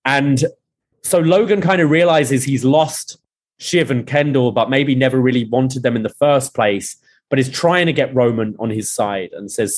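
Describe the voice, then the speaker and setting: A man hosting a podcast, retelling a TV episode scene by scene and quoting the characters' lines in a lively way. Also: mid-range voice, normal speed. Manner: animated retelling with quoted lines. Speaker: podcast host recapping a TV episode. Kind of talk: casual recap, reading out scene dialogue.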